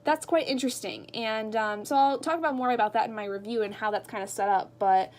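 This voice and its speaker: A woman's voice: on the high side, fairly quick, a little mellow. A tired young woman casually chatting in a late-night book vlog, rambling with lots of fillers. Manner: rambling, filler-heavy, drowsy. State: tired, yawning. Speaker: book vlogger. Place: at home at night.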